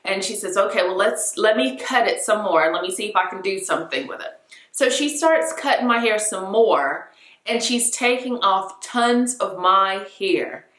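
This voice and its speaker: A woman's voice: mid-range voice, moderate pace, reverberant. A young woman vlogger casually telling a story to camera, acting out the voices of the people in it. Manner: animated, acts out quoted voices.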